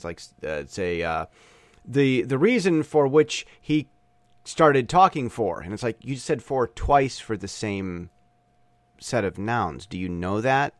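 A man with a Michigan accent hosts a podcast, delivering a casual, opinionated monologue that rambles and restarts often. His voice sits in the mid range, and the recording is dry.

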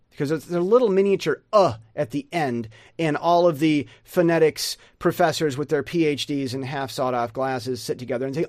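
A man giving a casual pronunciation lesson, rambling and sounding out words slowly. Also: on the high side, sing-song, no room sound, studio quality. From United States. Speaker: pronunciation teacher.

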